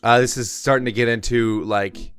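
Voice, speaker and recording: A man's voice: medium pitch, fairly even intonation, normal speed, fairly bright tone. A man narrating as game master in a tabletop game, rambling with many fillers, over faint music.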